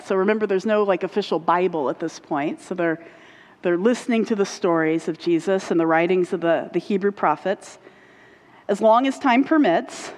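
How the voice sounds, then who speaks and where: A woman's voice: fairly low pitch, moderate pace, a little mellow. A woman pastor giving a conversational sermon to her congregation. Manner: conversational, uses fillers like right and like. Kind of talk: sermon teaching. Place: church sanctuary. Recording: muffled sound with long hall reverb.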